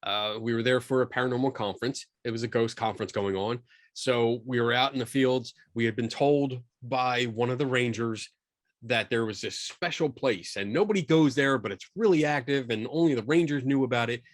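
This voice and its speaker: A middle-aged man tells a story as a podcast guest, lively and quick to poke fun at himself. His voice sits at an everyday, mid-range pitch. The sound is dry and close, with no room around it. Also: no echo. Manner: animated, self-mocking storyteller who acts out his own quotes. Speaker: guest, skeptical paranormal investigator. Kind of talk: casual storytelling in a podcast interview.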